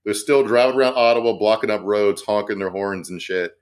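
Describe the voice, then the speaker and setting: Quick-talking male co-host, fairly low voice, salty and jokey. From American South. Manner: fast-talking, profane, laughing asides. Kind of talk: casual comedic news chat.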